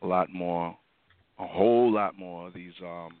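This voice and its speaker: Very deep man, halting on a phone line. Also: a little hiss or hum. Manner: hesitant, many fillers. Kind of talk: radio talk commentary. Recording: dry phone-like sound.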